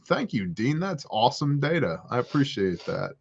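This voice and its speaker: A man's voice: mid-range voice, normal speed, gravelly, few pauses, husky, highs cut off. A man hosting a prepper Q&A livestream on a porch, chatting and joking as he reads viewer comments. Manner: joking, animated storyteller. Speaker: host. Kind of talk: livestream Q&A chat.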